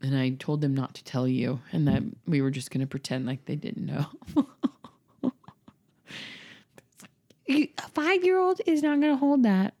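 A woman's voice: low voice, unhurried, long pauses. A woman in her thirties chatting casually as a podcast co-host, telling family stories and acting out what people said. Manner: animated storyteller who acts out quoted voices. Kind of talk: casual chat.

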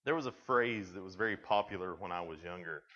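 A man preaches to a youth camp, retelling a story in a loose, chatty way, with lots of "like" and quick restarts. His voice sits fairly low. The recording sounds dull and lo-fi. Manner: lively, conversational storytelling with many "like"s. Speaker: camp speaker.

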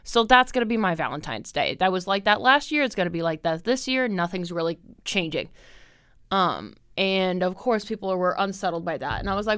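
Solo podcast host, woman in her twenties, lowish smooth voice, candid and swears a lot. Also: expressive, normal speed, a bit bright, dry recording, studio quality. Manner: chatty and candid, lots of "like" and "um", swears freely. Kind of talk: casual solo podcast rant.

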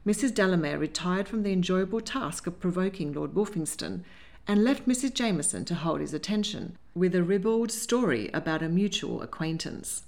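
Woman narrating an audiobook, lowish voice, really animated delivery. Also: moderate pace, vocal fry. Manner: expressive, animated reading.

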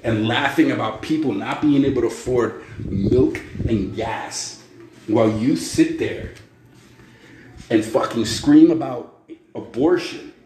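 Warm-toned and medium-pitched, this male podcast host delivers an angry, sarcastic rant laced with heavy profanity. It's recorded in an echoey room with some faint noise.

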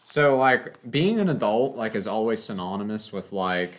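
A man's voice: fairly low pitch, animated, moderate pace. A young man chatting casually at home, rambling with lots of filler words. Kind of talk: casual chat. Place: home room with a cat. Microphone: desk mic.

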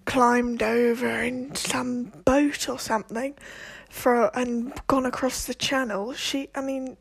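A woman's voice: on the high side, steady tone, takes it slowly, gravelly, breathy edge. A young woman hosting a casual monologue, ranting in an exasperated way, swearing and dropping into whispered asides. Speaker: podcast host.

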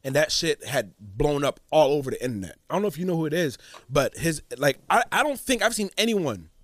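A man in casual podcast chat, telling animated stories about his impressions. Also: a little high, fairly quick, no echo. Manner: animated storytelling, slips into voices.

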